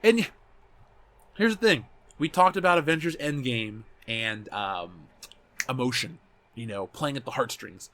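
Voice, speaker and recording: A man in his thirties hosting a loose, unscripted talk show and answering his viewers' comments. His delivery is animated and peppered with swearing, with frequent restarts as he corrects himself. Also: mid-range voice, a little slow, long pauses. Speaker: show host reading live chat. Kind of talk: casual chat.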